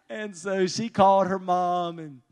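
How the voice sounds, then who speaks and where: Guy with a pretty high voice, joking about himself at a marriage talk, keeps laughing. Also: animated, slow pace, vocal fry, a little mellow. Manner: self-mocking, laughs between lines. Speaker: marriage conference speaker. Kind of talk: humorous personal testimony talk.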